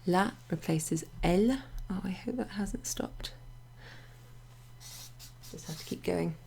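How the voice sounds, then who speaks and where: A woman teaching a casual French grammar lesson to her club members, chatty and relaxed, with many fillers and asides. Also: fairly low pitch, takes it slowly, vocal fry, a little hiss or hum. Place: home near a greenhouse.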